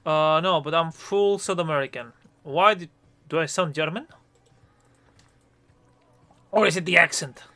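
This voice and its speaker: Chilean guy doing a tarot stream, bright sharp voice, intense and scattered, talks to chat while multitasking. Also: on the high side, unhurried, pauses often. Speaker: tarot reader streaming live. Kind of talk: casual live-stream chat.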